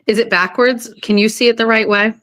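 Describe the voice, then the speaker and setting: A woman chatting casually on a live stream from her kitchen table, excitable and swearing, often gasping and laughing. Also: fairly high pitch, a little fast.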